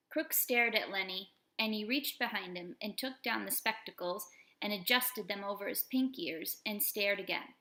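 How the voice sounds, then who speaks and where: A woman's voice: medium pitch, moderate pace, few pauses, sharp tone. A woman reading a novel aloud and voicing its characters, and she sometimes breaks off to talk to her pets. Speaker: audiobook reader. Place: room in a manor house. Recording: echoey room.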